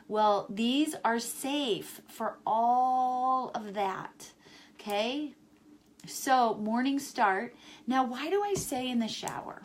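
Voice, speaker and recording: A woman on a live stream from home, talking to viewers in a warm, encouraging way and repeating her key phrases. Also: on the high side, slow pace. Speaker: wellness vlogger selling essential oils. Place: home in Chicago, indoors.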